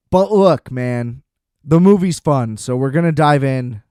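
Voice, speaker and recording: A young man in his twenties talks through a film review on his podcast, loose and animated, swearing casually. His voice sits a little high and comes through smooth and clear. The recording is dry and close, with no room sound. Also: no echo. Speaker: podcast host. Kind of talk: casual movie review monologue.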